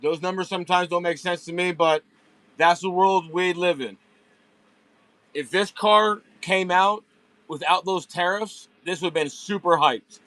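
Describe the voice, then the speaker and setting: A man hosts a late-night live sale from a warehouse, talking casually to his viewers and building up hype for each pull. His voice sits a bit high for a man. The sound is dry, with almost no room echo. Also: fairly even intonation, a little slow, pushed and bright. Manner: chatty, hypes each pull, speaks straight to viewers. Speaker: host of a live online diecast car sale. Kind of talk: casual live-stream sales chat.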